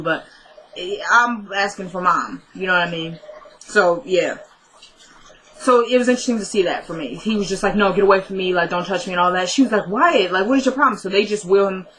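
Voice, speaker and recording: Woman, casual recapper, bright and forceful tone, chatty, quotes characters as she retells scenes. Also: medium pitch, low-quality recording. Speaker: TV episode recapper.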